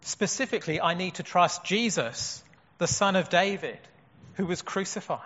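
High husky guy preaching, earnest, asks questions, dull boomy church sound. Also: animated, normal speed, fairly bright tone. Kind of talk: sermon. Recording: dull echoey hall.

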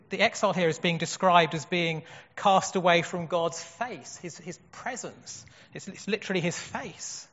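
A man's voice: high voice, fairly bright tone. A man preaching a sermon in an earnest way, asking rhetorical questions. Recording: dull echoey hall.

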